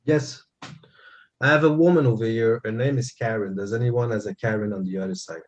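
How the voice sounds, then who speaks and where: Male guest medium, low voice, quick and earnest, reassuring delivery. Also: fairly even intonation, muffled recording. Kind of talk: mediumship reading at a church service.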